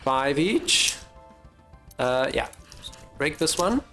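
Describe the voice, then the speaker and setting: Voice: mid-range voice, very animated, very slow, bright, forceful tone, faint music behind. A young adult streamer giving live gameplay commentary, thinking aloud, swearing and mocking their own mistakes.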